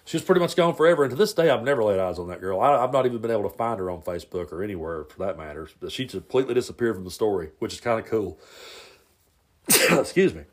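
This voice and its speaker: Low-ish guy rambling thru an old story on his podcast at home, super relaxed, tons of ums. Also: fast. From Tennessee. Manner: rambling, laid-back, lots of fillers. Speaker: podcast host. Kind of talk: casual storytelling monologue. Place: home, near the garage.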